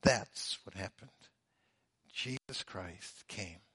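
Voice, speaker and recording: A man preaching a sermon, swinging between loud, drawn-out emphasis and hushed, low phrases. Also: breathy edge, no echo, studio quality. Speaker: pastor.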